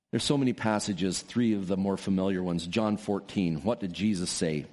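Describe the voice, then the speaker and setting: A man preaching a sermon as pastor, stressing key words emphatically and slowing down on them. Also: a little mellow. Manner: emphatic preaching with sweeping pitch swings and drawn-out stresses.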